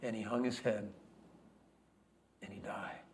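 An actor playing an earnest, grieving first-century lamb merchant in a dramatic first-person monologue, swinging from loud proclamation to hushed whispers. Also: male voice, fairly high pitch, moderate pace, slight background noise, natural voice. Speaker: actor in a Bible character monologue.

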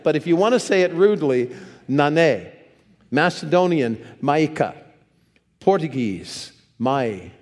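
A man preaching a sermon to a congregation, telling stories with humor and lively asides. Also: on the high side. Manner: animated storyteller, jokes with the congregation. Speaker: pastor. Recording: long hall reverb.

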